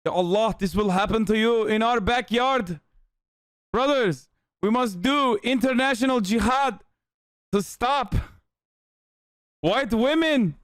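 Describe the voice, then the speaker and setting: A man's voice: very high voice, slow, long pauses, fairly bright tone, no room sound, voice pushed up, heavily acted. A man putting on the voice of a mock-solemn male jihadi recruiter, preaching in an exaggerated way. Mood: mock sermonizing.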